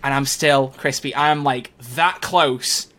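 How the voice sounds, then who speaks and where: A man co-hosting a podcast in casual chat, excitable and quick, laughing often and tripping over his words. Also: medium pitch. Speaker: podcast co-host.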